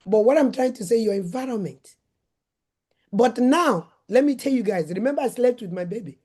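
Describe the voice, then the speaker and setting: Nigerian lady, middle-aged, dark mellow voice, tells it animated, raises her voice acting out her own lines. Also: a little high, moderate pace, husky. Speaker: host, former nurse and midwife. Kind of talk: animated storytelling talk.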